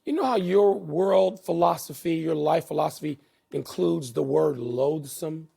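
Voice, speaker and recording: An older man co-hosting a sports talk show, arguing emphatically and slowing down to hammer his points. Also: a little high, gravelly, dark tone, breathy edge. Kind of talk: heated sports debate.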